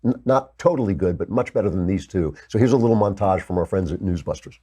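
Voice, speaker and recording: A man's voice: quick pace, warm tone, breathy edge. An older man hosting a political commentary show, delivering a heated, sarcastic monologue. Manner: heated, sarcastic, mocks opponents in high whiny put-on voices.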